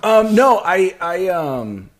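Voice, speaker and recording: A man's voice: high voice, very animated, takes it slowly. A man co-hosting a podcast in casual chat, explaining drinks at length and laughing often. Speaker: podcast co-host mixing cocktails.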